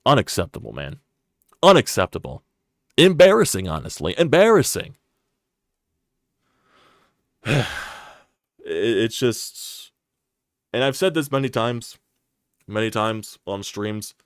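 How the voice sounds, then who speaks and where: A man's voice: on the low side, expressive, takes it slowly, long pauses, smooth, no room sound, clean studio sound. A young man ranting on a live sports stream, frustrated and profane, repeating himself as he talks.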